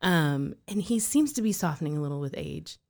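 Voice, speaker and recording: Chatty woman, low voice. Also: expressive, brisk, creaky, a little mellow. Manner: chatty, storytelling, laughs often. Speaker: podcast co-host. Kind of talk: casual chat.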